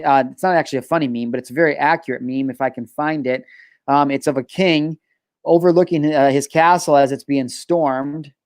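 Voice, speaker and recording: A man's voice: fairly high pitch, a little mellow. A young man hosting a solo podcast, ranting heatedly and profanely, often stopping to restart his sentences. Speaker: podcast host.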